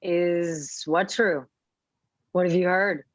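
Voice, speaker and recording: A woman reading a calm, hard-to-read prison officer. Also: on the low side, slow pace, no echo. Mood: level. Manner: flat, undramatic delivery. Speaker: script reader. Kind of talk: amateur live script reading.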